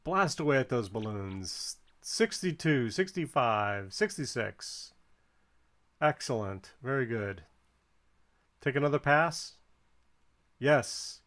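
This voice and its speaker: A man's voice: mid-range voice, lively intonation, slow pace, pauses often, a bit bright. A man giving casual, encouraging play-by-play while someone else flies in a video game, counting the balloon score aloud. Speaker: co-commentator watching a flight game.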